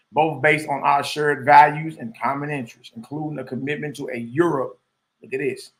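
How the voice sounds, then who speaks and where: A man's voice: on the high side, a bit bright. A man hosting a live stream, chatting casually and reading a document aloud with loose asides.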